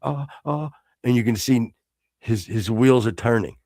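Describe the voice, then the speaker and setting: A man's voice: mid-range voice, normal speed, mellow, no room sound, clean studio sound. A man hosting a podcast, telling a heated, profane story in casual chat and acting out both sides of an argument. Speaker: podcast host. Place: studio.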